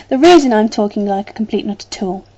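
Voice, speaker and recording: A woman's voice: mid-range voice, lively intonation, fast talker, warm tone, a little hiss or hum. A woman with a British English accent chatting casually to camera as a vlogger, rambling a little with plenty of ums.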